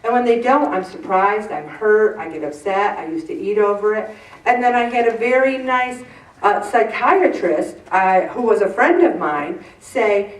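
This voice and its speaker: Animated woman in her sixties, roomy and distant. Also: a little high, normal speed. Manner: animated, acts out quoted voices. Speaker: faith-based weight-loss group leader. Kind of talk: talk to a group. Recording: roomy room, mic far off.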